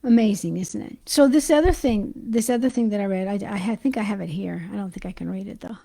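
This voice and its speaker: A woman giving an informal Christian teaching, talking excitedly and chatting to her viewers while she hunts for her notes. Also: mid-range voice, fairly quick, creaky, poor audio. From United States.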